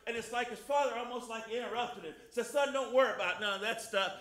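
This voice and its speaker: An older man preaching a fervent sermon in church, breaking into loud hallelujahs and softening when he reads scripture. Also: extremely high pitch, fast talker, few pauses, roomy sound, a little hiss or hum. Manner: fervent, shouting hallelujahs, drops soft for scripture. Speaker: guest preacher. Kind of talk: lively Easter sermon with scripture reading.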